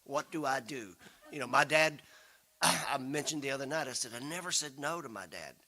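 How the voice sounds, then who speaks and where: A man's voice: fairly high pitch, fairly quick, bright, forceful tone. A man, telling rambling, self-deprecating family stories to a congregation and acting out the voices he quotes. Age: 60s. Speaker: guest speaker and folk singer. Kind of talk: storytelling talk to a congregation. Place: spiritual center, broadcast live.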